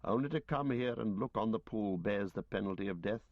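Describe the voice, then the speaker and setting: A man doing a stern, grave lord, low-voiced. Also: no echo. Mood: solemn. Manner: formal, measured, solemn. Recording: dull lo-fi recording.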